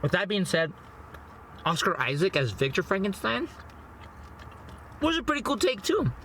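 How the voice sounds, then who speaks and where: A man's voice: high voice, huge pitch swings, moderate pace, fairly bright tone, a little hiss or hum. A young man chatting casually in his parked car, eating and reviewing a movie. He rambles, repeats words and says "you know" and "bro" a lot. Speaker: food vlogger and movie reviewer. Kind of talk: casual chat while eating.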